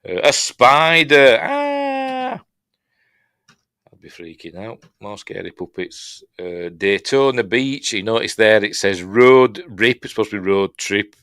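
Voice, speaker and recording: Talking at normal speed with few pauses, a Yorkshire man with a fairly low pitch hosts a meandering film review. He keeps it chatty and self-mocking, stumbling through fillers and restarts, in a studio-quality recording with no echo.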